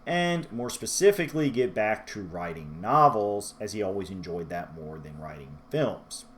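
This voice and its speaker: A man's voice: lowish voice, expressive, moderate pace, a bit bright, slight background noise. A man talking through a book review in a rambling, self-deprecating vlog style. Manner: rambling, self-deprecating, loses his place in his notes.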